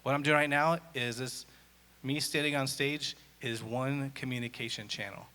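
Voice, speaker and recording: A man giving a conference talk on stage, an energetic storyteller who acts out dialogue. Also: mid-range voice, moderate pace, clear, resonant tone. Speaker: conference speaker. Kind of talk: live presentation talk. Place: on stage in a large hall. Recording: echoey hall.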